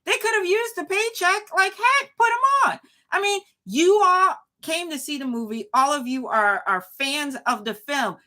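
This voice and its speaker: A woman's voice: very high voice, animated, moderate pace, pushed and bright. A woman hosting a live commentary show, talking emphatically with frequent restarts and replies to chat. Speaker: show host.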